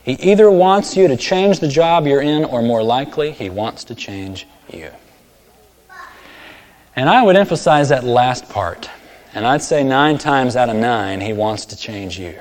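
A man's voice: expressive, unhurried, a little mellow. Preaching man in a reverberant hall. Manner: storytelling, acts out voices with big swings in pitch and volume. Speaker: pastor. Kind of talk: sermon.

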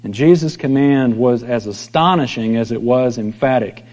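A middle-aged pastor giving a conversational sermon, telling stories and acting out quoted voices. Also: male voice, medium pitch, normal speed, darkish tone. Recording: long hall reverb.

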